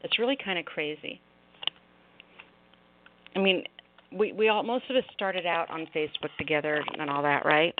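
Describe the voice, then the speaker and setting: A woman's voice: fairly low pitch, moderate pace, pauses often. A woman hosting an online radio show, chatting casually and telling stories. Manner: chatty, storytelling. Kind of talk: casual chat. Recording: tinny phone line with hum.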